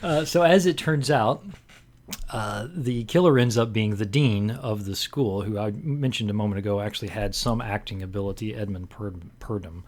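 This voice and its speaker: A man's voice: fairly low pitch, normal speed, a little mellow. A man co-hosting a casual movie podcast, steering the talk with meandering, filler-heavy questions. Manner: rambling, full of fillers and restarts. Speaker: podcast co-host leading discussion. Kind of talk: casual film discussion.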